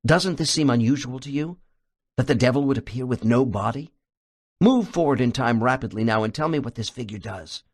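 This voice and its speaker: Man reading as a calm hypnotherapist. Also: mid-range voice, brisk. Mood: probing. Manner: steady, calm questioning. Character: calm male hypnotherapist, patient, reassuring, probing.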